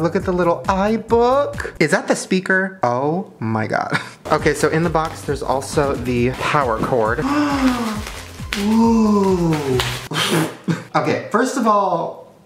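An excitable young man unboxing something on a casual vlog, swearing freely and breaking into laughs and gasps. His pitch leaps high and drops low as he talks. The room gives his voice a roomy echo, with faint music underneath. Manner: excitable and profane, laughing and gasping often. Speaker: vlogger.

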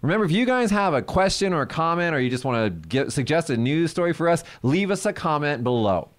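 A man co-hosting a casual chat show, an animated storyteller who acts out the people in his stories. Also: a little high, fast talker. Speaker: podcast co-host.

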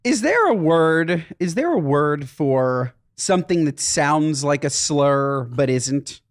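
A man co-hosting a podcast in casual chat, musing out loud and acting out little asides. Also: a little high, very animated, slow, no echo, clean studio sound. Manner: musing, talks things through with restarts and little acted asides. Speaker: podcast co-host.

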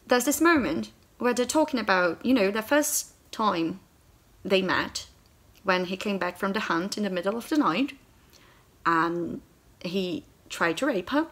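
Young female book vlogger, heated sarcastic rant, sweary and animated. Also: mid-range voice, a little slow. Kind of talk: angry book review rant.

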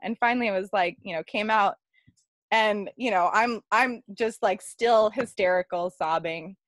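A woman's voice: medium pitch, moderate pace, dry recording. A woman telling a personal story in a casual, chatty way, with many fillers and frequent laughter. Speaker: workshop participant.

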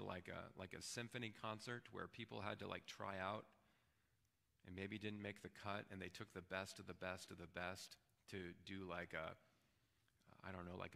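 Gravelly-voiced conversational pastor. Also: male voice, lowish voice, bright, forceful tone, long reverb tail. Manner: conversational, often checks in with "right?". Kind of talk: sermon. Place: church sanctuary.

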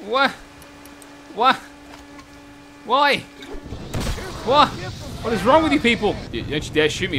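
A man doing raucous comedic gameplay commentary, swearing freely and bursting into shouts. His voice sits high and swings widely in pitch. It has a bright, tense edge. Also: lively intonation, normal speed, pauses often, a little hiss or hum. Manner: loud, crude, shouts often and laughs at his own jokes. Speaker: gaming channel host.

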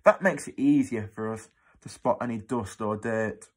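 A man's voice: on the low side, normal speed, husky. A man voicing a clever young boy who explains earnestly, stumbling over his words, in a storybook reading. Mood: explaining.

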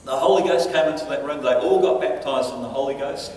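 A man's voice: medium pitch, a little fast, a little hiss or hum. Male pastor in an echoing church hall. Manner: animated storyteller, chuckles between lines. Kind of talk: storytelling sermon. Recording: echoey church hall from a distance.

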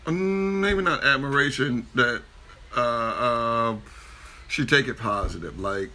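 A man with a bright, forceful voice chats casually while reacting to a video. He jokes easily and gets animated, restarting sentences and trailing off mid-thought. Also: mid-range voice, slow. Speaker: reaction video co-host, a father.

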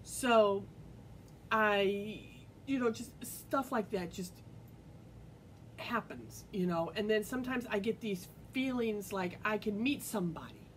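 Taking it slowly, this vlogger shares a personal story directly with her audience, earnest yet casual, full of fillers, rambling and starting over. The recording is low quality, with a faint low rumble underneath her voice.

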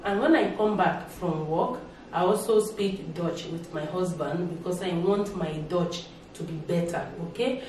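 A woman's voice: lowish voice, unhurried, darkish tone, far from the mic, a little hiss or hum. A woman with a Nigerian accent talking casually to camera, making her points emphatically, repeating herself and tagging lines with a rising "okay?". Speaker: vlogger. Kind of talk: casual reaction vlog talk. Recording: very echoey room, voice away from mic.

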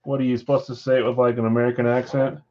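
A man's voice: medium pitch, little pitch movement, racing, warm tone, lo-fi sound. A man hosting a live card-break stream from home, chatting casually and reading viewer comments aloud. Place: house with a floor above.

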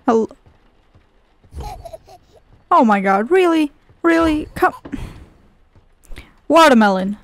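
A woman's voice: sits high, animated, slow, pauses often. A young woman commenting on a horror game as she plays, sarcastic and swearing often while talking to herself. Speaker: gaming video creator. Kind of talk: casual gameplay commentary.

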